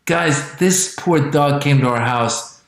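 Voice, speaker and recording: A man in his forties from Iran tells stand-up stories, animated and profane, and talks straight to his audience. His voice sits a little above the usual for a man. It rings out in a very echoey space. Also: a little high, takes it slowly, creaky. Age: 40s. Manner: animated, profane, addresses the crowd directly. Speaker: stand-up comedian. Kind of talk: stand-up routine on a livestream.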